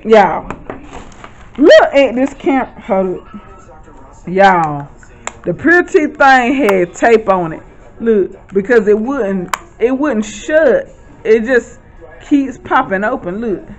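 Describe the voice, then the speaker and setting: A woman, chatting excitedly to viewers at home as she shows off her shopping haul. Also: fairly high pitch, slow, pauses often, dull audio. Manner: chatty, excitable, keeps addressing viewers as y'all. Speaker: vlogger. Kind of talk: casual haul vlog.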